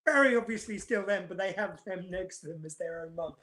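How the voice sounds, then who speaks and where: A woman's voice: lowish voice, brisk, crowd noise. A woman from the UK co-hosting a casual chat podcast, leading the talk with questions. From United Kingdom. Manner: chatty, leads the discussion with questions. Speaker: podcast co-host.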